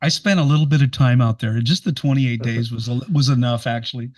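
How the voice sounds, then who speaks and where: A man's voice: mid-range voice, brisk, a little mellow. Chatty American male podcast host. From United States. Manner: rambling, enthusiastic, with laughs. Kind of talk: casual interview chat.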